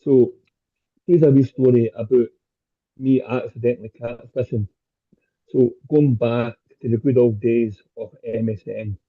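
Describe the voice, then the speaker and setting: A man's voice: medium pitch, fairly even intonation, a little slow. Scottish man doing crude stand-up. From Scotland. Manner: crude, self-deprecating punchlines. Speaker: stand-up comedian. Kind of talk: stand-up set over a video call. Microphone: video call. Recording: tinny phone-like call audio.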